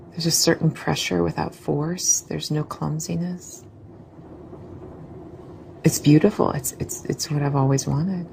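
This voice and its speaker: Gravelly low woman, earnest and reflective. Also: warm tone, slight background noise, poor audio. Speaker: therapy client. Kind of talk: speaking in a therapy session.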